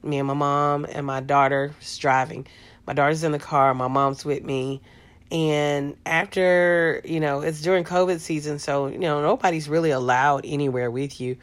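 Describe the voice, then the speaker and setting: A woman's voice: low-pitched, fairly even intonation, moderate pace. A middle-aged woman hosting a podcast, telling a personal story in a casual, rambling way with lots of fillers. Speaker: podcast host.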